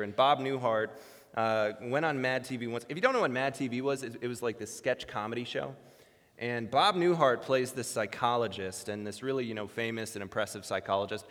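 A man's voice: mid-range voice, a bit bright. Earnest male preacher in a reverberant hall. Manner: earnest, building to emphatic bursts. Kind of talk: sermon.

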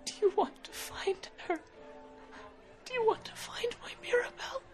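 A man's voice: moderate pace, faint music behind. A man voicing a grieving, tearful mother who stammers between sobs. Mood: desperate. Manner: stammering, sobbing, high-pitched.

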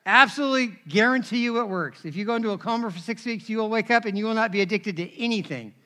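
A man preaching a sermon, telling personal stories in an animated, conversational way and asking the crowd for responses. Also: high voice, quick pace. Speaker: pastor.

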